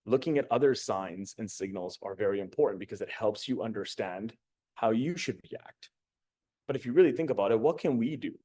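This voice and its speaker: A lowish, breathy-edged male voice moves briskly through a casual motivational talk. The speaker, a young adult communication coach, swears freely and dramatizes quotes while telling his stories.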